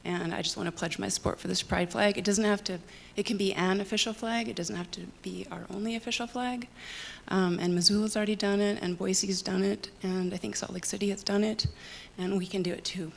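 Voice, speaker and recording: Nervous woman with a gravelly voice. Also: medium pitch, steady tone, a little fast. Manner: nervous and emotional. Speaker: public commenter, nurse and veteran. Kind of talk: public comment at a council meeting.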